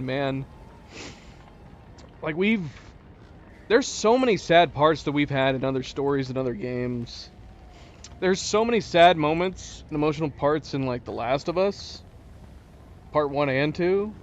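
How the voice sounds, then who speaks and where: A man commenting on a game he is playing, emotional and halting, his talk rambling as he searches for words. His voice is fairly high and swings widely in pitch, and he speaks slowly. The recording is a little dull, with faint noise behind him. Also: expressive. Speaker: gaming channel host. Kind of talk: emotional let's play commentary.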